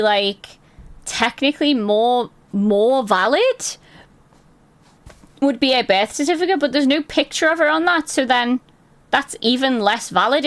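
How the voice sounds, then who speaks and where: A woman streamer chatting casually with her viewers, answering chat aloud and swearing freely. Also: sits high.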